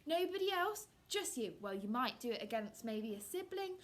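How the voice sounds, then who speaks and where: A woman, an early years teacher, reading a fairy tale aloud and teaching young children in an animated, expressive, encouraging way. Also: a little high, moderate pace.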